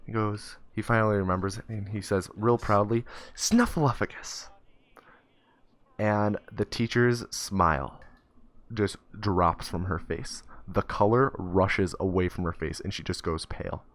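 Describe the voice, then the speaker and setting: A young man casually telling a long story as a streamer, rambling with fillers and restarts and popping into squeaky voices for the characters. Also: fairly even intonation, moderate pace. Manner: acts out the kid and teacher in high squeaky voices. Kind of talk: casual storytelling while gaming.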